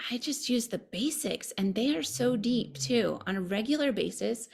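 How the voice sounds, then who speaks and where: A woman meditation teacher speaks as a podcast guest, thoughtful and earnest. Her voice sits at a middle pitch with a noticeable gravelly fry. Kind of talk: conversational interview.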